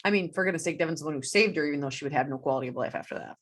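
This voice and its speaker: A woman with a somewhat low voice chats casually with a co-host about her favorite TV characters. She talks eagerly and laughs often. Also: racing. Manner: chatty, laughs often, enthusiastic. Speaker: podcast co-host.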